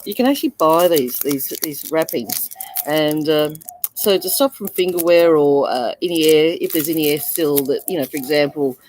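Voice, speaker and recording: An Australian woman with a low, deep-set voice talks through a live coin sale. She gushes over each piece and stumbles through plenty of fillers and restarts in a relaxed, casual way. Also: normal speed, slight background noise, low-quality recording. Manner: chatty, gushing, many fillers and restarts. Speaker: coin seller on a livestream. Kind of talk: casual live selling chat.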